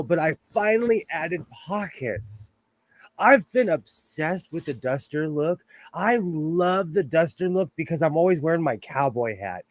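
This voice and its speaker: A man's voice: fairly high pitch, no room sound. A young adult man chatting casually on a livestream from his home sewing room, rambling through asides and laughing often. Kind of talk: casual live-stream chat. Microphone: phone close by.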